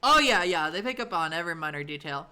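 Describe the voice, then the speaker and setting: A woman's voice: fairly low pitch, animated, quick pace, bright, forceful tone. A woman in her thirties streaming from home, telling stories in a chatty, rambling way, full of fillers and casual swearing. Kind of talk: casual storytelling on a live stream.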